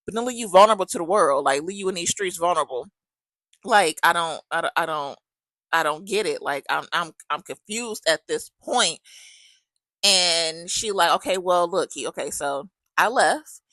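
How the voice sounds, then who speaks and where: A woman's voice: fairly low pitch, bright, forceful tone, no echo, low-quality recording. A woman podcast host, telling a friend's story in casual chat and acting out both sides of the conversation.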